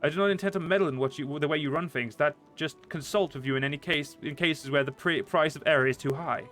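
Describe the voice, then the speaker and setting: A man reading the lines of a poised female fox-folk diplomat from a game, a little higher and stumbling at times. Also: quick pace, a bit bright, faint music behind, natural voice. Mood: reassuring. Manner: read aloud with stumbles, slightly higher pitch.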